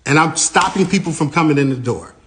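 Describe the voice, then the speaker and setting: A man, a manager, giving a lively first-person account of an incident, his voice rising and getting louder as he gets heated. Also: brisk, a little hiss or hum. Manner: animated, grows louder and higher when heated.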